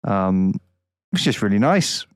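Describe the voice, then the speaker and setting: A man's voice: on the low side, very animated, moderate pace, dry recording, studio quality. A young man co-hosting a casual podcast, chatting in a rambling, easygoing way. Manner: chatty, rambling with fillers and laughs. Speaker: podcast co-host. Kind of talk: casual chat.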